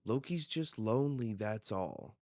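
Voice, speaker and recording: A man voicing a fierce, protective woman who runs a bar, reading her lines loud and forceful from a comic. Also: lowish voice, expressive, measured pace, no echo. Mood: pleading.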